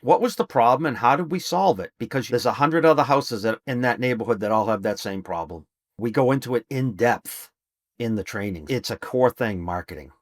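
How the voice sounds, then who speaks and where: A man's voice: medium pitch, brisk, no echo, clean studio sound. A middle-aged man, a business trainer, talking casually and emphatically as a podcast guest. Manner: emphatic, salesman-like storytelling. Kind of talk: casual interview talk.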